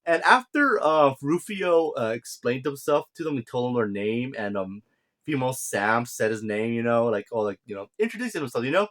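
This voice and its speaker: A man talking through a show episode in a loose, rambling way, stopping often to correct himself and filling gaps with ums and uhs. He drops into quick bits of the characters' lines as he goes. His voice sits at an ordinary middle pitch for a man. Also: expressive, a bit bright. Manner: rambling, full of fillers and self-corrections, acts out lines in quick asides. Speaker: show reviewer. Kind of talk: casual spoken recap and review.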